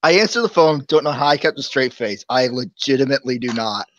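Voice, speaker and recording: A man's voice: medium pitch, expressive, a little fast, fairly bright tone, dry recording, dull audio. A man chatting casually on a live show, telling long rambling stories and chuckling often.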